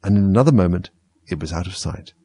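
A man reading a storybook aloud in a measured, expressive way. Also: low voice, breathy edge, no room sound. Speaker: reader.

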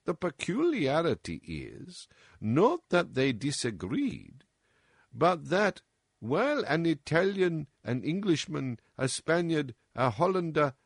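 A man reading as a calm reasoning detective. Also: medium pitch, slightly rough, dry recording, studio quality, heavily acted. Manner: measured, reasoning, lecturing. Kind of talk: audiobook character reading.

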